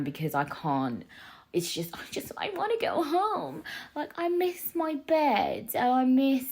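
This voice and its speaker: A woman's voice: lowish voice, breathy edge. A woman hosting her own podcast, chatting in a confiding way with many restarts and a lingering cough, recorded in a living room. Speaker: podcast host. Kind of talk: casual solo podcast chat.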